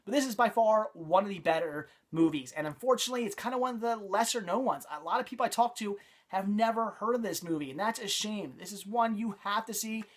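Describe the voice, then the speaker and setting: A man's voice: high voice, brisk. A man giving a casual, enthusiastic movie review, talking off the cuff with frequent restarts and repeated praise.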